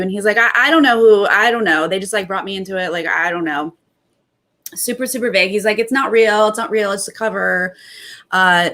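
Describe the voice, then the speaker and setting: A young adult woman hosting a casual recap, retelling events in animated bursts and quoting others. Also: on the low side. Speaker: host.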